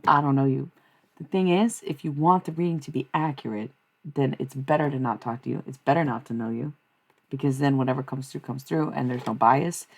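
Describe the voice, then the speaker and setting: Young woman, live streamer, creaky gravelly voice, blunt, swears a lot, rambling chat. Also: rumbling low, fairly even intonation, fairly quick, a little mellow. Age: young adult. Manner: profane, blunt, swings between ranting and laughing. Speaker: streamer and tarot reader.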